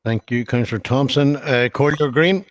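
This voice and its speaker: A man chairing a council committee, brisk and procedural as he calls speakers. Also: medium pitch, poor audio.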